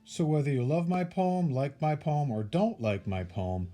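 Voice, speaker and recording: A man's voice: fairly high pitch, animated, a little slow, warm tone, soft background music. A man teaching a classroom lesson, patiently repeating points and counting things out step by step.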